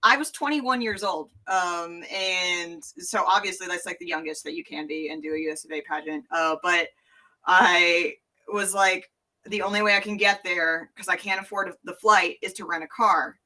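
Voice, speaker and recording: A woman with a Tennessee accent telling an animated, laughing story as a guest, swearing and voicing the people she quotes. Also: on the low side, far from the mic. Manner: laughing, swearing, quick anecdote with voiced quotes. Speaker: guest entertainer. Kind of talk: animated storytelling in casual chat.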